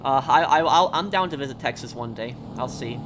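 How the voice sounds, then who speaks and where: A man's voice: mid-range voice, fairly quick, noisy background. A man chatting casually on a gaming live stream, telling rambling stories and answering viewers' questions. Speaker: game streamer.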